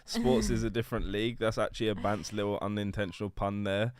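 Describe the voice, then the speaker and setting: A man's voice: lowish voice, flat delivery, quick pace, no room sound, clean studio sound. A man with an English accent co-hosting a casual livestream, jokey and self-mocking as he reads out the chat. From England. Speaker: co-host.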